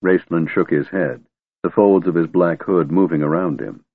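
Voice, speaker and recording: Male audiobook narrator, husky, phone-thin sound. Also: sits low, normal speed, no echo. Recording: tinny narrow-band recording.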